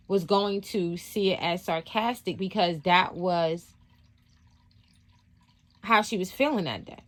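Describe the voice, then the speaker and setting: A woman hosting a spiritual vlog, telling a story from work in a rambling, casual way with lots of fillers and restarts. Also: mid-range voice. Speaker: spiritual channel host.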